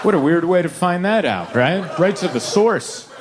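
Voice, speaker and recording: A young adult man performing a stand-up comedy set on a club stage into a handheld mic, shifting from deadpan storytelling to loud, animated punchlines. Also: high-pitched, normal speed. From United States. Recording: live club room with audible noise.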